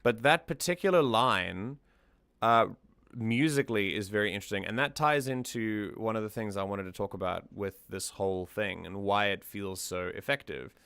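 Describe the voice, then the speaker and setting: A man's voice: fairly low pitch, normal speed, a bit bright, clear, resonant tone, dry recording. A man hosting a music analysis stream, talking things through in a thoughtful, casual way and often repeating words as he thinks.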